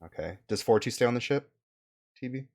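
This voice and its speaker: A man running a tabletop role-playing game as game master, describing scenes in a halting way with many fillers. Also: mid-range voice, lively intonation, a little mellow.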